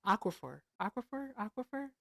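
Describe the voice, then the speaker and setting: A woman in her fifties hosts a live stream, her pitch leaping around as she jokes with her guests. Her talk is loose, playful and full of laughter. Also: sing-song, brisk, vocal fry. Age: 50s. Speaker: livestream host. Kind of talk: casual chat.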